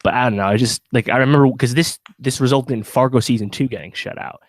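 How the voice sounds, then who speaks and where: A podcast co-host talks fast in a medium pitch, casually rambling through a TV review with lots of fillers and restarts. The recording has no room sound.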